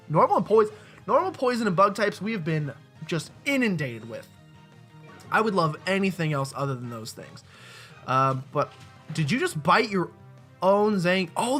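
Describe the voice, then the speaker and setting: With a medium-pitched, sharp-toned voice, a let's-play host gives loose, self-mocking commentary while gaming. He's recorded on a desk mic with a webcam.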